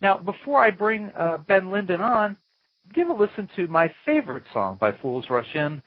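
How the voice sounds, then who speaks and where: A man's voice: high voice, big pitch swings, normal speed, no room sound, dull audio. A man hosting his own interview podcast, talking in a playful, chatty way with mock-dramatic asides. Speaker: podcast host. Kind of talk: chatty interview-show host intro. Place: small home studio, Florida.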